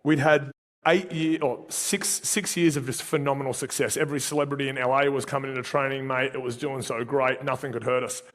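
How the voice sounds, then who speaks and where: A man with an Australian accent, giving an energetic, conversational motivational talk to a live audience and telling stories with asides to the crowd. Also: mid-range voice, a little fast. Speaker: speaker at a live career event. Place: event venue, live audience. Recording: reverberant event hall.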